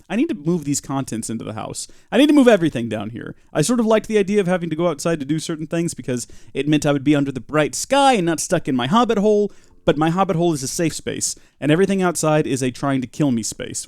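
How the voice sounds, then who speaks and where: A man's voice: fairly high pitch, lively intonation, fast, a little mellow, no room sound. Chatty man streaming a game, dry sound. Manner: chatty, self-mocking, answers chat as he plays. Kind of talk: casual live-stream commentary while playing.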